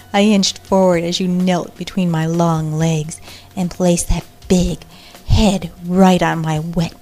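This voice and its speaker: Woman narrator, erotic story, breathy passionate delivery, mid pitch, faint music underneath. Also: a little mellow. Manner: breathy, passionate, with moans and cries.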